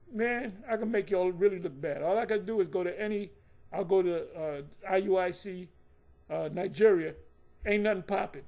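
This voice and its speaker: A man's voice: sits high, a little fast, a little mellow. A man giving combative, mocking commentary on scripture, rambling with frequent restarts. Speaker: religious commentator.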